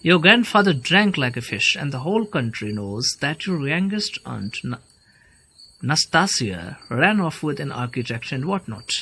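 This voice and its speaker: A man's voice: mid-range voice, big pitch swings, unhurried, creaky, sharp tone, a little hiss or hum, full character voice, low-quality recording. A man reading a blustering old landowner. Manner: patronizing, blustering. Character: blustering older male landowner, condescending. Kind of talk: play read aloud.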